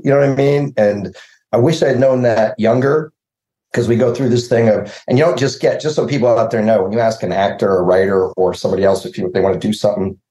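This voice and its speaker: Man, rambling storyteller, self-deprecating, mellow voice, roomy echo, video call. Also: lowish voice. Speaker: showrunner guest. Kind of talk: casual podcast chat over video call.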